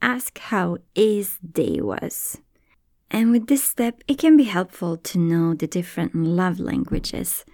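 A woman hosting a podcast, explaining ideas in a calm, thoughtful, teacherly way. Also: fairly low pitch, slow pace, creaky, no room sound, studio quality. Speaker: podcast host.

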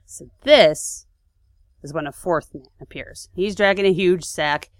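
Casual female podcast storyteller, lowish voice, dry close sound. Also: unhurried, no room sound. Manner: chatty, with fillers and asides. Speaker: podcast co-host.

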